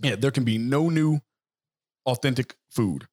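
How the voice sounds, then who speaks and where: A man's voice: mid-range voice, a little slow, noisy background. A man hosting a casual podcast chat, steering the talk and cutting in to pass the turn. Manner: steers the talk, interrupts, asks others to go on. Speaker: podcast host.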